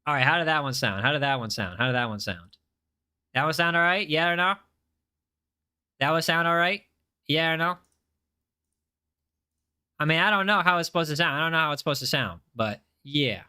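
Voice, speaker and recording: A man's voice: fairly high pitch, a little fast, long pauses, bright, forceful tone, clean tone. A man casually chatting on a game livestream, reading chat aloud and often repeating himself.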